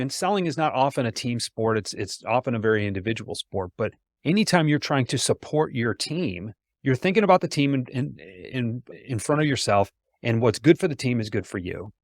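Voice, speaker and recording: A man's voice: mid-range voice, dry recording, clean studio sound. Emphatic man trading sales aphorisms. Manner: emphatic, speaks in punchy aphorisms, repeats words as he builds a point. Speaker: sales trainer, podcast guest. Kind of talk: casual conversational interview.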